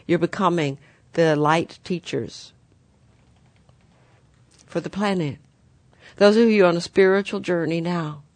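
Gentle spiritual teacher, dry close sound. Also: medium pitch, no room sound. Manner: gentle, guiding, addresses listeners as "dear ones".

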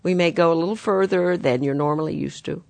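Spiritual teacher, gentle guiding delivery, mid-pitched voice, dry and close recording. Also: fairly quick, gravelly, no echo. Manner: gentle, guiding, addresses listeners as "dear ones".

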